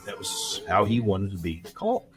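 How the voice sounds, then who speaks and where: Lower-voiced veteran newsman from West Texas. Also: huge pitch swings, moderate pace, over music. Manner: rambling, anecdotal, neutral broadcaster diction. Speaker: guest, veteran news anchor. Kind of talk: casual interview storytelling.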